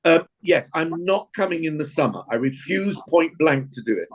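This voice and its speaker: A man's voice: on the high side, expressive, moderate pace, poor audio. An older man with an English accent, teaching an acting class in a chatty, encouraging way and praising his students often.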